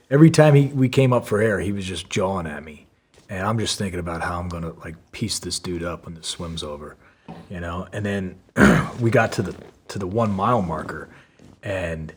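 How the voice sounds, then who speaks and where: A man's voice: low-pitched, slightly rough. A man telling a story from his past in a casual way, full of fillers and swearing, acting out the quotes. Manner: profane, lots of fillers, acts out quotes. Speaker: podcast guest.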